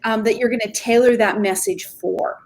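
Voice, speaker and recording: A woman with a somewhat high voice hosts a podcast. She asks questions and reflects aloud in an earnest way, with many "I mean" fillers. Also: steady tone, moderate pace, a little mellow. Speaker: podcast host. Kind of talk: interview questions.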